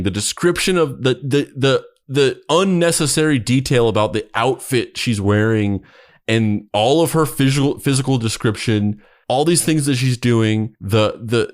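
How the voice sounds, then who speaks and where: A man reading a bad story aloud in a mock-dramatic way, then joking about it with a co-host. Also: medium pitch. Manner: animated, laughing, mock-dramatic. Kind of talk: mocking dramatic reading and banter.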